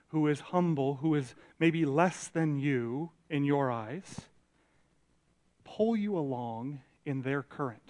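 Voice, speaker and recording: Man preaching a lively sermon. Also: fairly high pitch. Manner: conversational, animated preaching, acts out quotes. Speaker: pastor. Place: church sanctuary.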